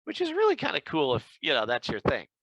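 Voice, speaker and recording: Chatty male podcast host, expressive and bright, close dry recording. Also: on the high side, fast talker, no room sound, poor audio. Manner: animated anecdote-telling with acted-out quotes. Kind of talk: casual chat, storytelling.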